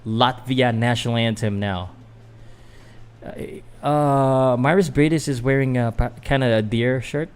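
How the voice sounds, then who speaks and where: A man's voice: mid-range voice, unhurried, smooth. A Filipino man, a boxing vlogger doing casual live fight commentary, chatting loosely to viewers with fillers and restarts. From Philippines.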